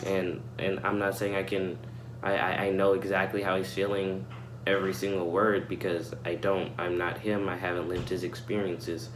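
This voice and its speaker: A young man hosting a reaction video, earnest and reflective, halting and repeating words as he searches for them. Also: low voice, level tone. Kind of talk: reflective casual commentary. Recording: echoey room with faint hum.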